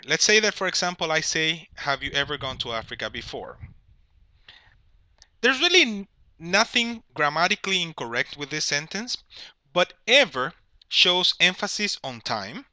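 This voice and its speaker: Bright, lively male English teacher. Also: a little high, no room sound. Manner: explains patiently, checks in with "all right?"; corrects himself mid-sentence. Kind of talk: grammar lesson at a whiteboard.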